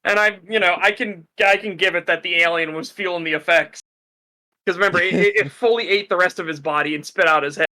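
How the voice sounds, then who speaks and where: A man hosting a casual podcast chat, retelling things in an excited, profane way. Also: high voice, fast. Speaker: streamer host.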